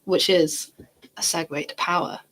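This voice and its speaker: A British woman hosts a podcast, chatting casually and often dropping in "like" as she talks. Her voice is fairly low and a bit bright, with a steady tone at normal speed.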